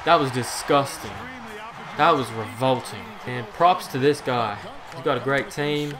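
A young man giving live commentary over his own basketball video game, exasperated and swearing, swinging between loud outbursts and low muttering. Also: measured pace, a crowd in the background. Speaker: gaming commentator.

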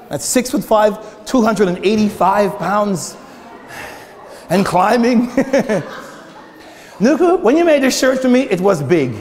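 Lively high-voiced Canadian preacher. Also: male voice. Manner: animated, laughing, jokey preaching with sudden shouts. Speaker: pastor. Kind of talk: sermon. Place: church hall. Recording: long hall reverb.

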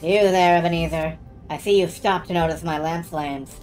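A woman voicing a grave, mysterious ghost in a video game, reading slowly. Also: fairly low pitch, fairly even intonation, darkish tone, soft background music, pitched below the performer's own voice, close to an everyday voice. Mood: solemn. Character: solemn mysterious ghost, all-knowing.

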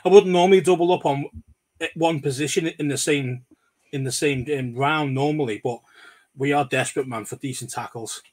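A man's voice: medium pitch, moderate pace, darkish tone. A man, co-hosting a casual sports podcast in a chatty, matey way that keeps interrupting itself. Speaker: podcast co-host. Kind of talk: casual chat.

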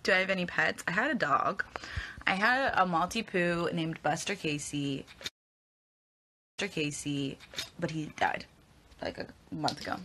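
A woman's voice: fairly low pitch, unhurried, long pauses, pushed and bright, slight background noise. A young woman answering fan questions in a casual live Q&A, rambling and hesitant as she stumbles over her words. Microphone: phone at arm's length.

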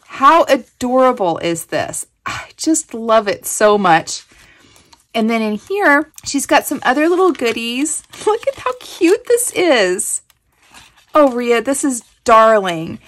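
Gushing woman with a high voice. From Kansas, USA. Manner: gushing, effusive, breathy exclamations. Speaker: crafting channel host. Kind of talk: casual show-and-tell of a gift package.

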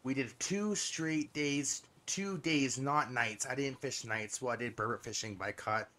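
This Canadian gaming channel host casually chats through a fishing video game, frequently exclaiming in surprise. His mid-range voice sounds pushed and bright, and he speaks unhurriedly.

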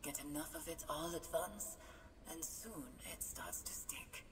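A woman's voice: low voice, very animated, measured pace, in a whisper. An actress voicing the ghostly echo of a wistful woman mage in a video game, speaking solemnly and reflectively with a faintly German-like accent. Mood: gentle. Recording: echoey, noisy game audio.

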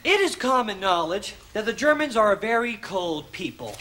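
A man playing a pompous accent teacher in a comedy sketch, with sudden shouts. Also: high-pitched, big pitch swings, moderate pace. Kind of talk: sketch comedy in front of a live audience. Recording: live studio audience laughter and noise.

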